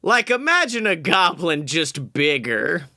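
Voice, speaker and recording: A man's voice: on the high side, sing-song, a little slow, vocal fry, sharp tone, dry recording. A man co-hosting a podcast in casual chat, blunt and self-mocking, with casual swearing. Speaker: podcast co-host.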